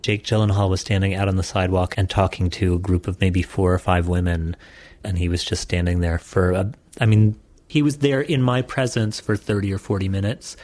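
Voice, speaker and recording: A man's voice: deep voice, steady tone, a little fast, a little mellow, no echo. A man being interviewed, casually and somewhat hesitantly recounting what he saw.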